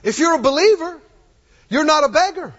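Male preacher with a very high, lively voice, driving call-and-response, echoing hall, muffled recording. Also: moderate pace. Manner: emphatic and repetitive, leads call-and-response. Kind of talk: sermon. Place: church. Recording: muffled, with long hall reverb.

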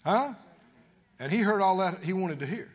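A man preaching with a husky, high voice that swings widely in pitch, calling out to his congregation for answers. His emphatic peaks ring through a long church reverb on a dull, lo-fi recording. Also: animated, moderate pace. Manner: call-and-response preaching, rising to emphatic peaks. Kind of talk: sermon.

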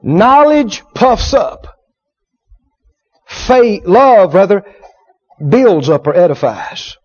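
Male preacher, high voice, emphatic, repetitive, playful quotes, dull lo-fi recording. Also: big pitch swings, drawn-out words, breathy edge. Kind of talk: sermon.

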